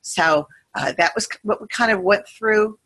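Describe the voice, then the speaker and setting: Bright, husky-voiced woman guiding a meditation. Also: mid-range voice, normal speed. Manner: meandering, gentle, soothing storytelling. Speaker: meditation guide. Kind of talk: guided visualization with casual asides.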